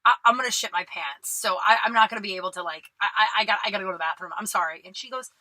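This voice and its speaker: A young woman tells a long, rambling story on her solo podcast, full of fillers and casual swearing, laughing at herself. Her voice is bright and forceful. She sits in a small closet, and the sound is close and dry, with no room echo. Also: mid-range voice, rapid-fire. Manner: rambling, profane, self-deprecating, many fillers. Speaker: podcast host.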